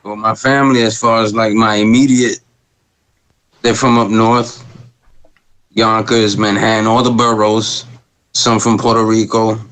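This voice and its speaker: A man's voice: fairly low pitch, flat delivery, a little slow, long pauses, a bit bright, poor audio. A middle-aged man speaking as a guest on a podcast, laid-back and loose with slang and fillers. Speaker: guest rapper. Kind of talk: casual podcast chat.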